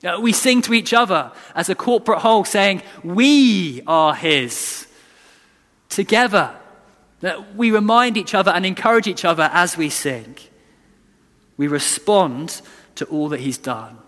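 In a church with long reverb, a man with a high, slightly bright voice preaches at normal speed. His sermon is earnest and conversational, and he often restarts and repeats lines for emphasis.

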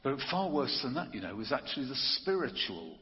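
A man preaching an earnest, emphatic sermon, slowing down to stress key phrases. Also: medium pitch, sing-song. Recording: muffled audio with long hall reverb.

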